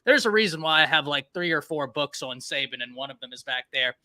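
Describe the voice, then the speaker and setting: A man with a mix of Texan and New York accent, talking football in an animated, emphatic way. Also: on the high side, fairly quick. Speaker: co-host, football analyst. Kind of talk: casual sports talk.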